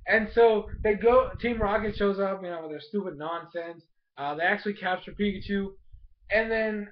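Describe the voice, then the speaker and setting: High-voiced excitable man on a dull lo-fi mic. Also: slight background noise. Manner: animated, fills speech with "like", mild cursing. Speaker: episode reviewer. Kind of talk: casual excited recap.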